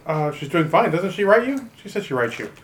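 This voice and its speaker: A woman running a tabletop game, bantering in a lively way and making puns. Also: on the low side, brisk, slight background noise. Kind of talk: casual tabletop game chat.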